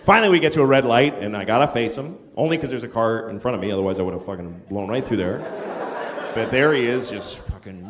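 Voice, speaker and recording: A man's voice: mid-range voice, animated, fast. A male stand-up comedian on stage, telling a profane, incredulous story to a live audience. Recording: live show with loud laughter and hiss.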